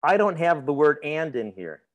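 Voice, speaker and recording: A man with a fairly high voice teaches grammar to a class. He keeps it chatty and informal. He stops to put questions to his students and laughs easily. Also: very animated, normal speed, lo-fi sound. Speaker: instructor.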